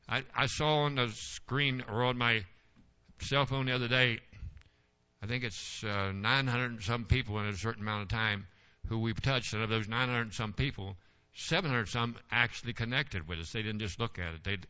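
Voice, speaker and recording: Older male pastor, homespun sermon stories, tense bright voice, dull lo-fi recording. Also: mid-range voice, normal speed, clean tone. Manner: folksy storytelling, rising to forceful exhortation.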